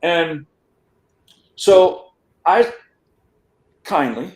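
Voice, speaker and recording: A man's voice: medium pitch, animated, moderate pace, echoey room. A man guest on a podcast, telling his life story in a rambling casual way, often restarting words and checking in with "right?". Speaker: interview guest.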